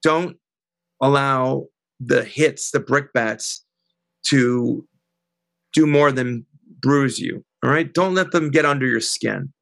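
A middle-aged woman as an interview guest, telling a heated story in an animated, indignant way. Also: rumbling low, slow, gravelly, long pauses, no room sound. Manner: animated, indignant, quotes others.

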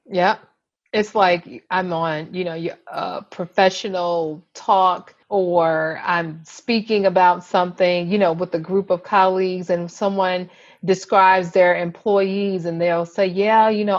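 A woman co-hosting a casual conversation, speaking in a lively, animated way. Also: on the low side, muffled recording. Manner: lively, animated, quick to jump in.

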